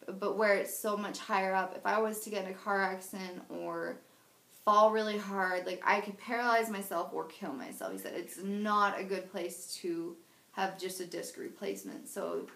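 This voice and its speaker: A woman's voice: medium pitch, moderate pace, vocal fry, fairly bright tone, roomy sound, low-quality recording. A woman in her twenties telling her own story in a personal video diary, candid and emotional, rambling with many restarts. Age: 20s. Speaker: patient sharing her surgery story.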